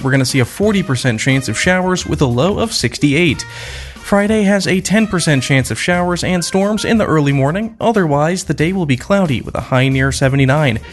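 Man reading a radio weather forecast. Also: a little high.

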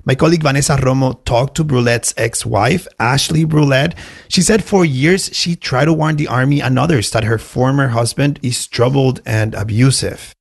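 A man reporting as a radio news correspondent, giving a steady, informative account. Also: medium pitch, moderate pace, vocal fry, slightly rough.

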